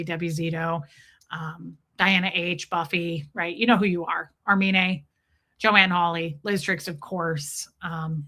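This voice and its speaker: A woman's voice: on the low side, sharp tone. A woman hosting a livestream, telling rambling, jokey stories in a casual chat with viewers. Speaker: livestream host.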